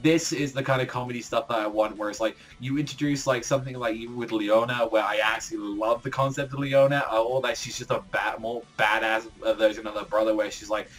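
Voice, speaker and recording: A man reviewing a comic chapter in casual, rambling commentary, full of fillers and swearing. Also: medium pitch. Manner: rambling, heavy filler words, swears often. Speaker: manga reviewer.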